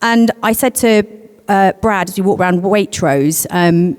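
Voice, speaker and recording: A woman panellist candidly telling a personal story at a conference, hesitant, with many pauses. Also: medium pitch, a little mellow. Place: conference hall. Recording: long hall reverb.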